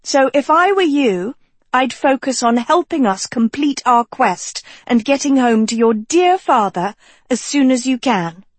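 A woman's voice: high voice, expressive, measured pace, husky, dry recording, pitched above the performer's own voice, heavily acted. A woman voicing a manipulative young female dean who talks down to others, sweet on the surface and scolding underneath. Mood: cooing. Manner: sweetly condescending, then scolding.

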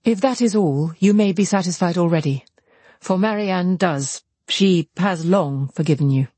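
A man reading aloud and voicing a composed young woman who speaks in a measured, formal, cool way. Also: high-pitched, a little mellow, breathy edge, no room sound. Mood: startled. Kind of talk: audiobook character voice.

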